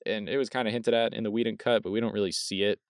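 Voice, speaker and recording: A man's voice: lowish voice, fairly even intonation, fast, dry recording, studio quality. A man co-hosting a casual movie podcast, rambling with restarts and casual swearing. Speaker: podcast co-host. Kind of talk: casual film review chat.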